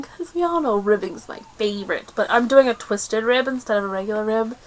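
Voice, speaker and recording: A woman hosting a crafting video podcast in casual chat, chatty and quick with asides, laughing often. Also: fairly high pitch. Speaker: podcast host.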